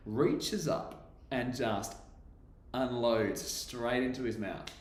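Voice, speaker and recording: A man's voice: medium pitch, animated, unhurried. A young man chatting casually on a live stream, laughing often as he reads out viewer comments. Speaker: livestreaming bass trombonist. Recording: echoey room with faint background noise.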